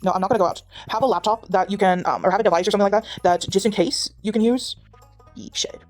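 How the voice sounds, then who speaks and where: A woman's voice: medium pitch, quick pace, darkish tone, soft background music. A young woman from Durban with a South African accent, chatting over a video game at home and rambling with many restarts and fillers. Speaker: gaming vlogger. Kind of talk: casual chat over gameplay. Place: home, with her dog beside her.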